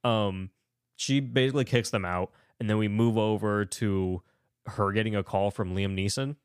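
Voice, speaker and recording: A man co-hosting a casual podcast, recapping a movie with laughter and quick impressions of its characters. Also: on the low side, clean tone, no room sound, clean studio sound. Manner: animated, laughing, mimics characters in voices. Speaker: podcast co-host.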